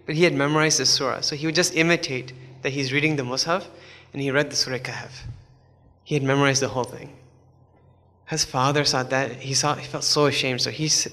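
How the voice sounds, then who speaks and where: A man's voice: fairly high pitch, pushed and bright. A man telling a story in a sermon, in a conversational way with many asides. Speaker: preacher. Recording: long hall reverb.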